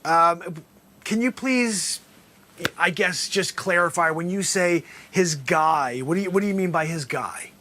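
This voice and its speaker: A man hosting an improvised comedy sketch as a courtroom lawyer, theatrical and bursting into loud exclamations. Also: on the high side, measured pace, a little hiss or hum. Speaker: host playing a courtroom lawyer.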